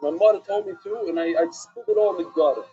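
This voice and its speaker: A man's voice: high-pitched, fast, dark tone, soft background music. A man from Brooklyn with a New York accent teaching an informal Talmud class, rambling with conversational asides. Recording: dull lo-fi recording.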